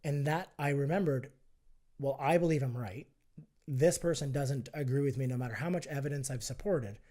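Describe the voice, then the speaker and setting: A man's voice: medium pitch, moderate pace, dark tone. A man guesting on a podcast, talking persuasively and acting out both sides of an argument in casual conversation. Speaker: guest, health and fitness entrepreneur.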